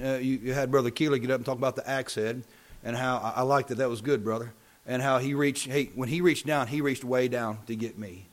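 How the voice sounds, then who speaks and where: A man preaching a sermon. He repeats phrases for emphasis and builds from calm talk to loud, impassioned preaching. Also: medium pitch.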